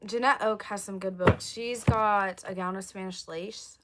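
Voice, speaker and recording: A young woman chatting on a livestream, rambling and answering viewer comments, her voice going hoarse. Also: mid-range voice, fairly even intonation, unhurried, heavy background noise. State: losing her voice, coughing. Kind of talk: casual livestream chat.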